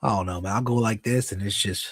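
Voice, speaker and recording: A man's voice: lowish voice, quick pace, fairly bright tone, husky, no room sound. A man co-hosting a late-night podcast, chatting casually and rambling with lots of fillers and swearing. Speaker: podcast co-host.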